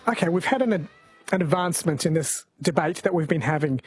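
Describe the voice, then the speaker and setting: A man's voice: fairly high pitch, animated, normal speed, slight background noise. A man hosting a talkback radio show, chatty and musing aloud to listeners. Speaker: radio host.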